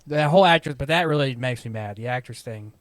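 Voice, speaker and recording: Guy on a podcast ranting quick, dry sound, no room at all. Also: medium pitch, no echo. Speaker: podcast co-host. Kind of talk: casual chat.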